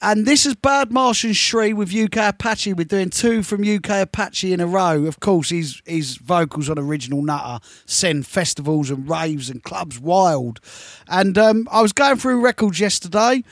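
A man in his fifties hosting a radio show, chatting through shout-outs and stories in a slangy, storytelling way. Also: high voice, moderate pace, no echo, studio quality. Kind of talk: live radio show chat. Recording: faint music behind.

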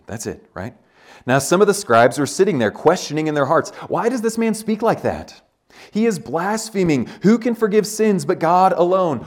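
A man preaching a sermon at a retreat, animated and full of rhetorical questions, acting out scenes as he tells them. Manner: animated, acts out scenes with big pitch jumps and rhetorical questions. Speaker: pastor. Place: retreat meeting room.

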